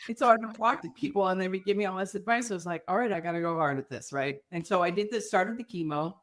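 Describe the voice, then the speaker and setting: A middle-aged woman, a podcast guest, telling her story candidly in an animated, emphatic way. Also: medium pitch, quick pace. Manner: animated, emphatic, acts out quoted people.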